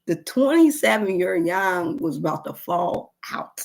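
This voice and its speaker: A woman hosts a wellness talk. She tells a personal testimonial in an animated way, with sighs and exclamations throughout. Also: fairly low pitch, a little slow, creaky. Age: 50s. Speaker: wellness show host. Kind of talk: testimonial storytelling.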